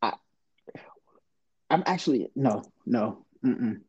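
A man's voice: medium pitch, animated, takes it slowly, darkish tone, lo-fi sound, a little hiss or hum. A man co-hosting a casual podcast, hesitant, trailing off and laughing often. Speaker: podcast co-host.

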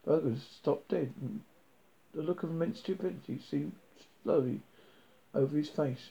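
A man reading a novel aloud, halting, with frequent slips and restarts. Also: fairly high pitch, creaky, dark tone. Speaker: reader. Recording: dull lo-fi recording.

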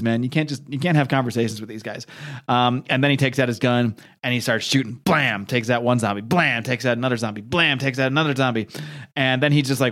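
A man's voice: mid-range voice, a little fast, a bit bright. A chatty male host recaps a comic book in loose, rambling talk, full of fillers and restarts. His voice sits in a plain middle register. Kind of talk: casual chat, recapping a comic.

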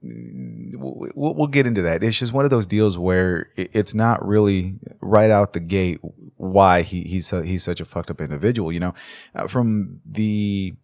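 Podcast host, man, lowish voice, rambling and profane, dry close mic. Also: expressive, a little slow, gravelly, darkish tone, no echo. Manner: rambling, profane, stammers and restarts. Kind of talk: casual true-crime podcast chat.

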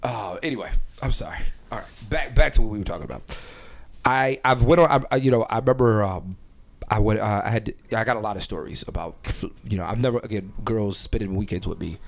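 A man hosting a comedy podcast, talking in a rambling, profane, animated way with lots of restarts. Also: fairly low pitch, fairly quick, vocal fry. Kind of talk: casual comedic podcast chat.

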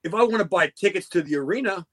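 High-voiced man telling stories. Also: fast talker, husky. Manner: storytelling, swears freely, laughs often. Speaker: podcast co-host. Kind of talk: casual chat.

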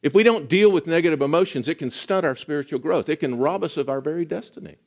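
A man preaching a sermon in an earnest, emphatic teaching manner. He slows down to stress words and drops to a soft voice at times. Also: on the high side, gravelly. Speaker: pastor.

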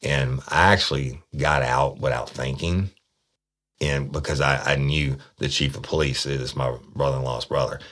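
A police detective telling a story in a casual, blunt, profane way, often repeating words. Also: male voice, a bass voice, steady tone, moderate pace, a bit bright.

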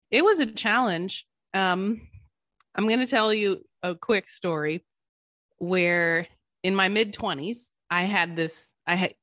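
A woman in her thirties speaks as a podcast guest in casual conversation, earnest and animated, with an easy laugh. Her voice sits a little low for a woman. The recording is close and dry. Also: dry recording.

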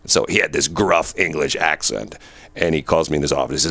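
A man's voice: very deep voice, fairly quick, vocal fry, pushed and bright, breathy edge, no echo. An older man hosting a radio show, telling stories in boisterous, casual banter from a studio microphone. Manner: storytelling, boisterous, repeats words.

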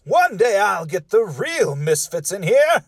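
A man voicing a creepy, giant-headed male talk show host who is excitable and clueless, with a squeaky, creepy voice. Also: unhurried, dry recording, exaggerated voice. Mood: indignant. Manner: overexcited, dramatic outbursts.

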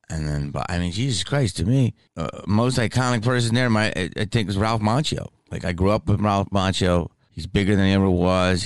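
Gravelly deep-voiced man rambling on a podcast. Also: no echo, clean studio sound. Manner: rambling, animated, lots of fillers. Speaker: podcast host. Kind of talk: casual storytelling chat.

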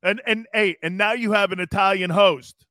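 Riffing casually on his sports talk show, an East Coast US man jokes brashly, reads chat comments aloud, and laughs frequently. His voice sits high with a steady, sharp tone at a normal pace, and there's no room sound.

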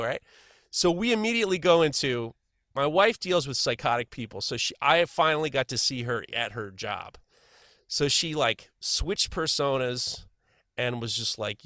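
A middle-aged man with a bright, forceful voice tells a rambling story in casual chat. He stammers and restarts as he goes, animated throughout. The sound is dry and close. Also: medium pitch, no room sound.

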